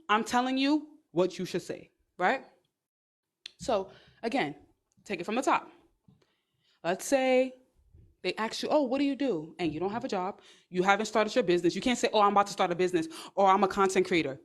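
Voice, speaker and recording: A young woman talks straight into her phone on a livestream, giving blunt, profane advice. Her voice sits at an ordinary middle pitch. She is sassy and quick to mock, often slipping into little put-on voices to act out examples. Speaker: live-stream host giving advice.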